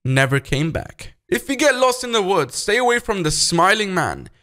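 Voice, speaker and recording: A man voicing an ominous male storybook narrator, reading in a slow, hushed, spooky way. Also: sits high, wildly swooping pitch, exaggerated voice.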